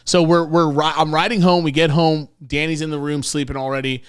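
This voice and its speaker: Animated, cursing young man telling a story. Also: fairly high pitch, fairly quick, clean tone, no room sound, studio quality. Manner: animated, profane, acts out quotes. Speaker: podcast co-host. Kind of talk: casual storytelling chat.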